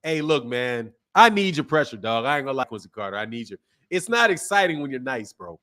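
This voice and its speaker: A boxing channel host with a sore throat reads super chats during a casual livestream, chatting in slangy, laid-back fashion. His medium-pitched voice swings widely, comes out fairly quick, and sounds pushed and bright.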